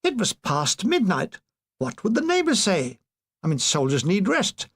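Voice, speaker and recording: A man reading a comic war memoir aloud in a dry, deadpan way. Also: high-pitched, measured pace, slightly rough. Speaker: audiobook reader.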